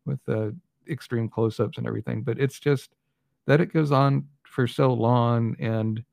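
A man's voice: medium pitch, fairly even intonation, measured pace, vocal fry, a little mellow, no room sound, clean studio sound. A man co-hosting a podcast and reviewing a film in casual chat, wry and rambling, with many restarts.

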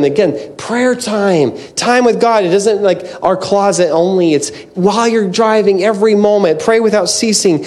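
A man delivers a sermon in an earnest, conversational way rather than a polished one. His voice sits a little high for a man. He often breaks off and restarts his sentences and peppers them with casual fillers. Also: a little mellow. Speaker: preacher.

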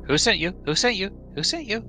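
A man's voice: high voice, very animated, a little fast, music in the background, voice pushed up. A man voicing an angry, commanding female vampire. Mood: demanding. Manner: furious, commanding. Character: sharp-tongued female vampire leader.

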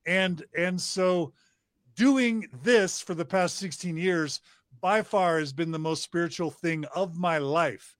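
Man, high voice, dry close sound, emphatic and fired up, podcast guest. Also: slow, no echo. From United States. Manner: passionate, emphatic, repeats lists of praise. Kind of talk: enthusiastic interview talk.

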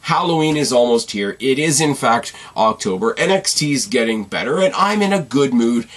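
A man's voice: medium pitch, normal speed. Tired young guy vlogging about wrestling, rambles and swears a lot. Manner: rambling, profane and animated. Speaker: wrestling video host. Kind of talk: casual solo commentary.

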